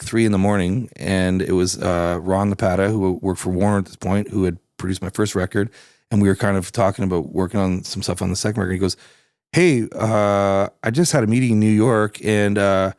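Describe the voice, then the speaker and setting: Relaxed middle-aged Canadian man, low voice. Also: smooth, no room sound, clean studio sound. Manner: relaxed, swears freely, animated when quoting people. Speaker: guest musician. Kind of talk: casual storytelling interview.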